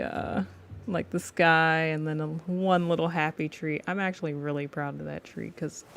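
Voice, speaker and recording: Young woman artist on a live stream, low voice, slow easy talk, chatty with viewers, faint hiss behind. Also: vocal fry. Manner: chatty, laughs often, speaks to viewers as y'all. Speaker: livestreaming artist. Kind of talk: casual chat while drawing live.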